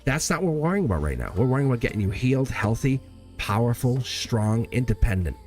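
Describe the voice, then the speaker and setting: A middle-aged man giving an earnest, animated live tarot reading, addressing the viewer directly and often breaking off mid-sentence. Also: quick pace, faint music behind. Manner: earnest and animated, swinging pitch, frequent laughs and self-interruptions. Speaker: tarot reader.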